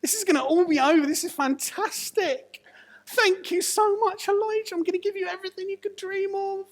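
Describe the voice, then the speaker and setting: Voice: very high-pitched, a little fast, big-room sound, pitched above the performer's own voice. A preacher putting on the voice of an overexcited king who gushes with glee, repeating himself, in a British sermon. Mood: gleeful. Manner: giddy, gushing, repeating himself. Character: overexcited gleeful male king.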